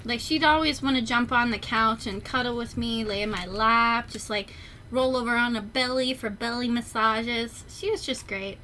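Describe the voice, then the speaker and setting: A young adult woman streamer chatting casually and rambling in an animated way. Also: fairly high pitch, normal speed, a little hiss or hum. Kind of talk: casual chat on a livestream.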